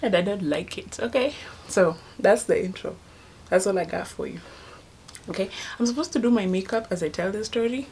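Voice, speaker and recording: A woman's voice: mid-range voice, moderate pace, a little hiss or hum. A young woman with a Kenyan accent, chatting casually in a rambling storytelling vlog and laughing at herself. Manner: drops to a hushed voice at times. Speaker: vlogger.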